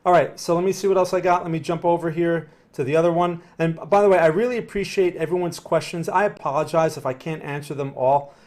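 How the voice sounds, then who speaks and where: A man's voice: fairly high pitch, steady tone, fast talker, few pauses, darkish tone. A man giving casual live-stream chart analysis and answering viewer questions, thinking aloud with frequent "right?" and "okay?".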